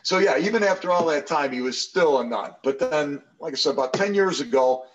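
A man's voice: on the high side, lively intonation, a little fast, dull audio, background noise. Rambling older man telling old stories. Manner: rambling, anecdotal, many fillers and restarts. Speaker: podcast guest, former football player. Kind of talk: casual storytelling interview.

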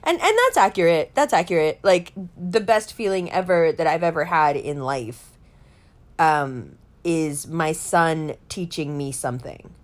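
Animated woman with a lively voice. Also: low-pitched, a little slow. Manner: animated, swearing, heavy use of "like". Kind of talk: casual storytelling chat.

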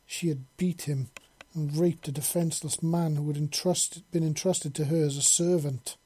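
Audio story narrator, flat delivery, husky, mellow tone, dry close recording. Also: medium pitch, normal speed. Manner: flat, steady delivery with coarse words.

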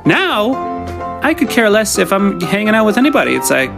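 A man's voice: high voice, very animated, normal speed, gravelly, music in the background. A middle-aged man from Canada with a cold, hosting a casual solo podcast in a rambling, jokey, self-deprecating way. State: has a cold. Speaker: podcast host.

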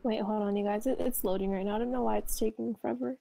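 A woman chatting casually as a podcast guest, relaxed and talkative with many fillers. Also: on the high side, fast, creaky, low-quality recording. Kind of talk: casual chat.

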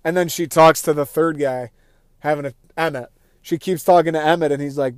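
A young man hosting a casual, rambling movie-review podcast, swearing freely and acting out his own reactions in quick asides. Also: fairly high pitch, clean tone, no echo, clean studio sound. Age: young adult. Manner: rambling, excitable, profane, acts out quoted thoughts. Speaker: podcast host.

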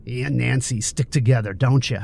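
A man's voice: medium pitch, steady tone, a little fast, gravelly, mellow, slight background noise, lightly acted. A man reading an audiobook, voicing a menacing bully who taunts and threatens his victim.

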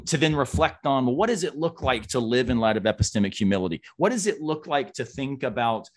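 A middle-aged American man, a philosophy professor appearing as a guest, talks in a casual conversational interview. He's an animated storyteller with a medium-pitched, fairly quick voice, laughing often and using plenty of fillers.

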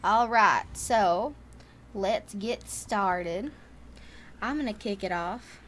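A woman's voice: medium pitch, slow pace, a bit bright, slight background noise. Chatty young Southern woman. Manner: chatty, rambling, giggly. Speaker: podcast co-host. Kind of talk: casual storytelling chat.

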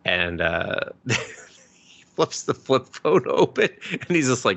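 A man casually recapping an anime episode on a podcast, excited and rambling, laughing often and swearing a lot. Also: fairly low pitch, slow, vocal fry. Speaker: podcast co-host.

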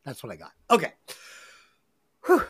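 A woman hosting a casual movie review podcast, talking in an animated, emphatic way with lots of swearing. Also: fairly low pitch, moderate pace. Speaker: podcast host.

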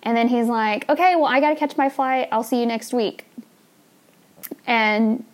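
A woman's voice: on the high side, moderate pace. A young woman hosting a podcast, telling a story in a casual, chatty way with plenty of fillers and laughs. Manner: chatty, laughs often, lots of "like" and "you know". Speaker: podcast host.

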